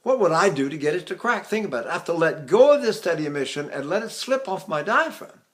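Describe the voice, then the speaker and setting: An older man, a voice teacher, explaining singing technique with halting restarts and sung demonstrations. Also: on the high side, very animated, a bit bright.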